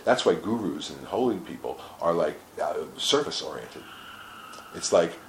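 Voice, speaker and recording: A man with a very deep, gravelly voice, talking as a guest in a relaxed chat. His pitch swings widely as he acts out little scenes and swears without a second thought. The sound has an echoey room to it with faint hiss underneath. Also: normal speed. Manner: animated storyteller, acts out quotes, swears casually. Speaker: interview guest. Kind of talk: casual explanatory talk.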